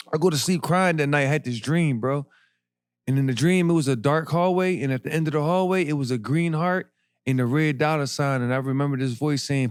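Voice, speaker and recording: A man, a podcast guest telling his story in animated street slang. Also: medium pitch, moderate pace, dry recording, studio quality. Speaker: podcast guest, clothing brand founder. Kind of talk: casual interview storytelling.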